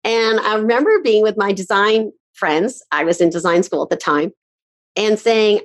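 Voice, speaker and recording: A woman's voice: mid-range voice, normal speed. A middle-aged woman hosting an interview, telling stories in a chatty way, laughing often and acting out quotes. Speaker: podcast host. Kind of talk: casual conversational interview.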